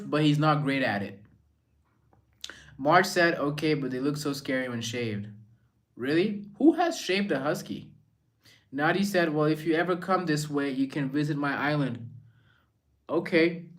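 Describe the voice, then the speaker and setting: A man whose voice sits slightly higher than usual hosts a relaxed, casual live stream. He rambles from one viewer comment to the next, reading each aloud before responding.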